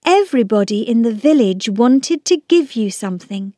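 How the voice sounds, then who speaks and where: Storybook reading: a caring young girl, read by a woman, raised and gentle. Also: a little high, lively intonation, normal speed, no room sound, studio quality, voice pushed up, natural voice. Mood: earnest.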